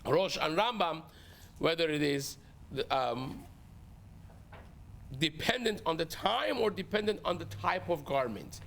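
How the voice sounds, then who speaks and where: A man, a rabbi, teaching a Talmud lesson, explaining passages in an animated way and dropping in Hebrew and Aramaic terms. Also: on the high side, a little slow, creaky, long pauses, a little hiss or hum.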